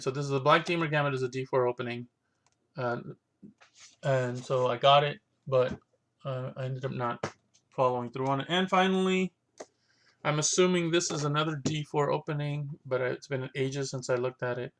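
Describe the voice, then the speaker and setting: Guy with a bright, kinda forceful voice just rambling and thinking out loud, lots of restarts. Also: medium pitch, steady tone, moderate pace, slight background noise. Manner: thinking aloud, rambling with many restarts and fillers. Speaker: vlogger reviewing his chess books. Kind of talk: casual unscripted talk.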